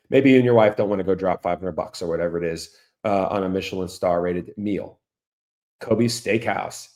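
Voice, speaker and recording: A middle-aged man from Orlando, Florida, speaking in a fairly low and slightly mellow voice, hosts a podcast. Talking straight to listeners, he keeps up a casual, chatty monologue and asks them rhetorical questions.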